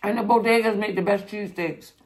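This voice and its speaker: A woman's voice: mid-range voice, fairly even intonation, quick pace. A woman chatting casually to viewers while she eats, laughing often. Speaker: mukbang vlogger. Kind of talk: casual eating vlog chat.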